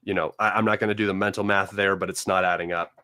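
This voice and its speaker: A man's voice: low-pitched, level tone, fast talker, sharp tone, clean tone, no echo. A man hosting a live political commentary stream, reading news articles aloud and mocking them with scorn.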